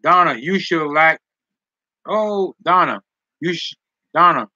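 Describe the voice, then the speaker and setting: Joking man with a very bright voice. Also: a little high, slow pace, no echo, muffled recording. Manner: teasing, joking, laughs often. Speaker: live streamer reading chat comments. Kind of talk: casual live-stream chat.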